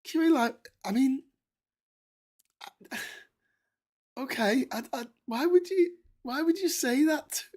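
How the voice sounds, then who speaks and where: A man hosting a long solo livestream, reading out viewer messages in an excitable, chatty way, laughing often and restarting his sentences, and tired from the long stream. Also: very high voice, takes it slowly, long pauses. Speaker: livestream host.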